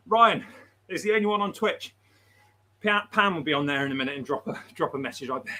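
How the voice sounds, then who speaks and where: Man, livestream host, high-pitched voice, chatty, laughs a lot. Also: normal speed, pushed and bright. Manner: chatty, laughs often, reads out chat messages. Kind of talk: casual livestream chat.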